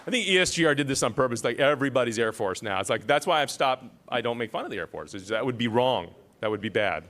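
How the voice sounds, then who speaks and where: A man's voice: mid-range voice, animated, fast, a bit bright, a little hiss or hum. A man emceeing an awards ceremony, reading citations with self-deprecating joking asides.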